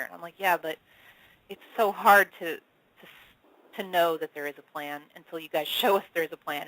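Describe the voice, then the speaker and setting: A woman, a spiritual channel, telling her story as an interview guest with animated delivery, swearing casually and acting out the dialogue. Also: dry recording, rough recording. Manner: expressive, casual swearing, acts out dialogue with big pitch swings.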